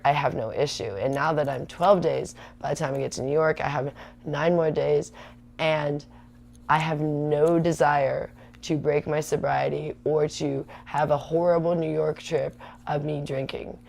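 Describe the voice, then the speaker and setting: A woman's voice: deep voice, creaky, a little mellow. A woman in her thirties hosting a livestream, rambling chattily and answering viewer comments. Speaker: livestream host. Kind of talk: casual rambling livestream chat.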